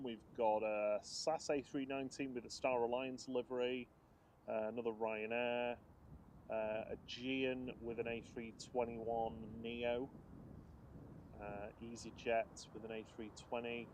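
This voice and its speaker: A man's voice: medium pitch, unhurried, noisy background. A man co-hosting a live plane spotting stream outdoors by a runway, casually reading out flights and chat messages. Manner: relaxed, reads out flight details and chat messages. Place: outdoors beside an airport runway.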